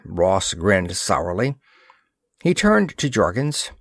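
A man's voice: deep voice, slow pace, dry recording, clean studio sound. Male storyteller reading pulp fiction. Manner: steady storytelling read. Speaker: narrator. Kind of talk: scripted narration of a pulp science-fiction story.

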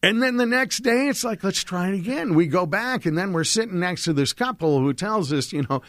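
A man's voice: high-pitched, animated, a little fast, a bit bright, no room sound, studio quality. A man telling a long, rambling personal travel story in casual chat, with lots of restarts.

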